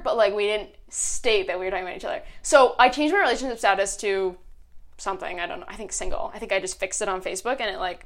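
A young woman co-hosting a podcast, telling stories in an animated, giggly way. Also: medium pitch. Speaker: podcast co-host. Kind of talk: casual chat.

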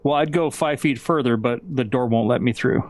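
A man's voice: mid-range voice, brisk. A man playing in a tabletop game over a video call, thinking aloud with restarts and some blunt swearing. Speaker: player. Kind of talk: casual tabletop game chat.

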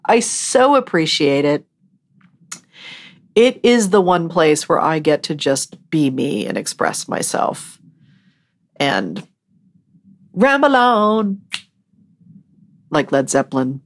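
A woman's voice: low-pitched, expressive, takes it slowly, pauses often. A woman hosting her podcast, talking on her own in a rambling, chatty and self-mocking way. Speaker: podcast host. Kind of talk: casual solo podcast monologue.

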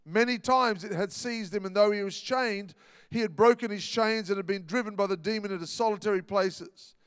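High-voiced preacher, animated. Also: male voice, moderate pace, smooth, dry recording, studio quality, long reverb tail. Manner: animated preaching, dramatic acted quotes. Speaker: pastor. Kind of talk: sermon.

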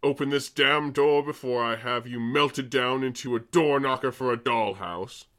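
A man putting on a pompous villain scientist, bright sharp voice, haughty threatening insults. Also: medium pitch, normal speed, natural voice. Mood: menacing. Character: pompous villainous British male mad scientist.

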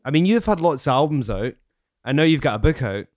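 A man's voice: fairly high pitch, very animated, brisk, darkish tone, dry recording. A man hosting a podcast, trading teasing, mock-offended banter with his co-host. His voice is dry and close, with no room sound.

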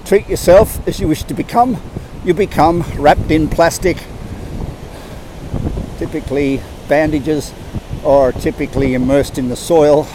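Older man coaching, high voice. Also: fairly even intonation, unhurried, long pauses, warm tone, slight background noise, rough recording. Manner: earnest, rambling, with many restarts and acted-out quotes. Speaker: life coach. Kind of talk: motivational monologue.

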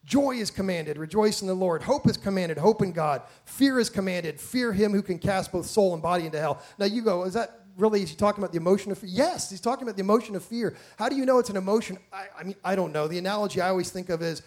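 A man with a noticeably high voice delivers a sermon in a church. He preaches with animated emphasis, circling back through restarts and pressing his listeners with rhetorical questions. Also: fast talker, hardly any pauses.

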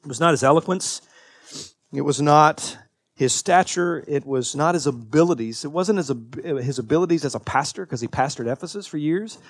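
Delivering a sermon, this man in his thirties is an earnest pastor whose speech rises to emphatic heights and drops to quiet confession, with many restarts and repetitions. His voice is slightly high at normal speed, recorded in studio quality with no echo.

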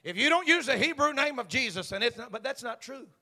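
A man preaches from the pulpit, his voice pitched very high and ringing bright. He drops to low, confiding asides, then builds to shouting, and a long church reverb trails every line. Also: animated, fast talker. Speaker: senior pastor. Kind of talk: Pentecostal sermon. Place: church sanctuary.

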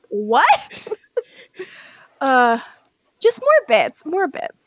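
A woman's voice: high voice, fairly bright tone, no room sound. A young woman co-hosting a podcast, casually recapping a TV episode, laughing often and acting out the characters' lines. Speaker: podcast co-host.

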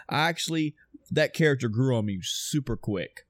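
A man's voice: mid-range voice, expressive, moderate pace, no room sound, studio quality. Profane, rambling man chatting casually. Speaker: podcast host reviewing a video game. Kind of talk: casual chat.

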